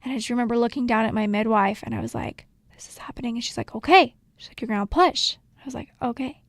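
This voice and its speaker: A fairly high-pitched woman tells her story with lots of animation, slipping into quoted voices and laughing between lines. The sound is dry and close, with no room echo. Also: fast, creaky. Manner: animated, acts out quotes, laughs often, says "like" a lot. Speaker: podcast co-host sharing her birth story. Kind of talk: casual conversational storytelling.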